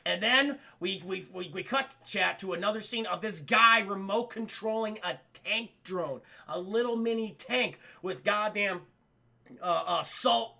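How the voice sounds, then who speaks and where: Man reviewing a film live, chatty and profane, gravelly voice, bright tone. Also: high-pitched. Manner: chatty, profane, laughs often, addresses chat. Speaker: film reviewer streaming to chat. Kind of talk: casual spoken film review.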